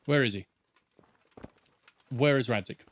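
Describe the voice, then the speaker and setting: A man's voice: mid-range voice, measured pace. A man streaming a video game, chatting casually, joking and swearing as he calls out to the characters. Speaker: gaming streamer. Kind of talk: casual let's-play commentary.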